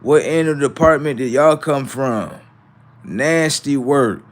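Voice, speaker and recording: A man talking casually on a livestream, with a middle-pitched voice. He rambles, curses and repeats himself, needling his chat. He slides from low mutters into loud, slow taunts. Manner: rambling, profane, repetitive, taunting the viewers. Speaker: livestream host.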